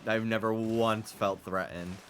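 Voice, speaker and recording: Male streamer, bright and sharp tone, sarcastic rambler, faint background music. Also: fairly low pitch, steady tone, a little slow. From United States. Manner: rambling, profane, sarcastic, laughs often. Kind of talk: casual stream chat.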